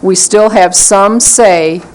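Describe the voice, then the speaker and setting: A woman's voice: mid-range voice, takes it slowly, a little mellow, rough recording. A woman on a county commission, explaining her proposal firmly during a planning meeting. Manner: explanatory, firm. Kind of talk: meeting discussion.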